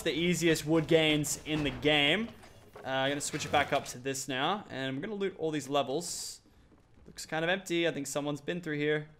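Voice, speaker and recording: A young man giving excitable, playful commentary over a mobile battle royale match. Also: on the high side, slight background noise. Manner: excitable, quick reactions, playful trash talk. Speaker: gaming YouTuber. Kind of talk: gameplay commentary.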